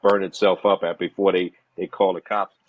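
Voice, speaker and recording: A man with a very low, husky voice talks about a film in an animated, slangy way. The recording is dry and dull, with a lo-fi sound. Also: moderate pace, no echo. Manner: animated, slangy, repeats "you know what I'm saying". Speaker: podcast co-host. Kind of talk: casual movie review chat.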